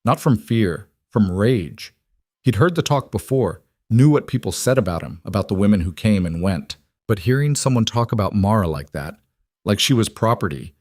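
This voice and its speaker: Low-voiced man narrating a story. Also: a little mellow, dry recording, clean studio sound. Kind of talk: scripted audiobook narration.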